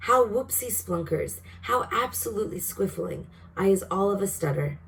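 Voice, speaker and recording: A woman reading aloud and voicing a big, kindly male giant who talks slowly and jumbles his words, heard from a distance. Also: lowish voice, darkish tone, a little hiss or hum, natural voice. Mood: earnest. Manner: slow, earnest, mangled grammar. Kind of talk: storybook read-aloud.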